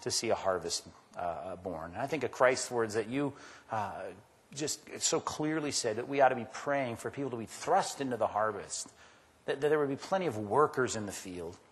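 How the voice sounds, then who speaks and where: A man preaching a sermon as pastor, animated and conversational, jumping his pitch up sharply when he acts out quoted voices. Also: normal speed. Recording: long hall reverb.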